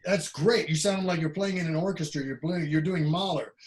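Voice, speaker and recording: A man's voice: on the high side, a little fast, low-quality recording. A male jazz trombonist being interviewed, talking casually and animatedly, acting out quoted exchanges and swearing now and then. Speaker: jazz bass trombonist guest. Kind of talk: casual conversation.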